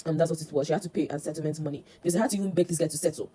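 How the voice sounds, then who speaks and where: A woman's voice: sits low, steady tone, racing, dark tone, slightly rough, low-quality recording. A woman chatting about a TV drama, rambling and exasperated, with lots of fillers. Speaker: drama reviewer. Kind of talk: casual chat.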